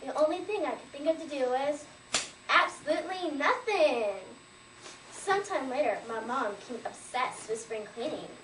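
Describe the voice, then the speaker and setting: A woman recites a lively story, dropping in frequent "like"s as she goes. Her voice sits high, and the room echoes around it. She is recorded from far off, with a faint background hum. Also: normal speed. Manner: lively storyteller, heavy use of "like". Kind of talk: storytelling recitation at a language fair.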